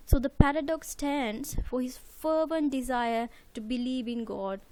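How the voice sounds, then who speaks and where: A woman with a high voice explains a poem to her students slide by slide. She works methodically, repeats key words and poses rhetorical questions that she answers herself. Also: steady tone, a little slow, dark tone, a little hiss or hum. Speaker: literature teacher. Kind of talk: recorded lecture over slides.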